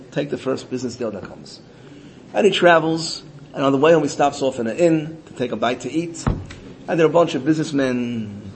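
A man teaching a Torah lesson, telling a story with lively voices and mixing in Hebrew and Yiddish terms. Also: a little high, slight background noise.

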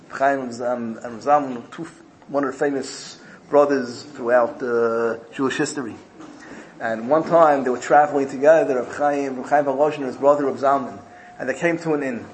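A man's voice: medium pitch, a little hiss or hum, low-quality recording. A man teaching a Torah class, telling stories and often repeating and restarting words as he searches for his phrasing. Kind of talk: Torah class lesson with storytelling.

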